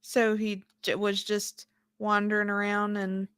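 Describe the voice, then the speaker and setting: A woman's voice: mid-range voice, monotone, unhurried, fairly bright tone, smooth, no room sound. A woman co-hosting a casual chat show, asking questions in a hesitant way with many restarts. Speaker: podcast co-host.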